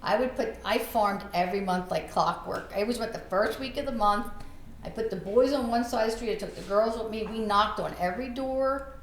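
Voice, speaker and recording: A middle-aged woman, a podcast host and realtor, telling a story in an animated, laughing way. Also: medium pitch, brisk. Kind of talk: storytelling in casual chat. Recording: echoey room with faint background noise.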